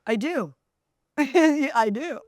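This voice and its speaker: Raspy-voiced woman hosting a podcast. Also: sits high, animated, extremely slow, dry recording, clean studio sound. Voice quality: raspy, slightly gravelly voice. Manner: chatty, laughs often, tells stories. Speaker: podcast host. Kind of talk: casual podcast chat.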